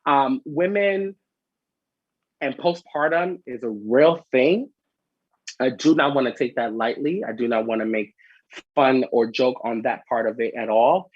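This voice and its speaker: A sassy man dishes gossip in a chatty, animated way as a vlog host. His voice is husky and breathy, sitting in a middling pitch. The sound is dry and slightly dull, like a lo-fi home recording. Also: a little slow, no room sound.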